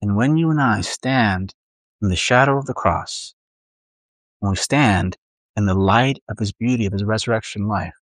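A man's voice: on the low side, moderate pace, no room sound, rough recording. A man preaching a sermon as pastor in a conversational way, often acting out inner voices and restarting his phrases.

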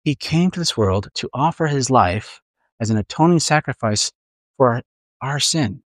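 A male pastor delivers an earnest, reflective sermon, pausing to let his points land. His voice sits at an ordinary middle pitch. The sound is dry, with almost no room echo. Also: lively intonation. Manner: earnest, reflective preaching with pauses. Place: church room with a congregation.

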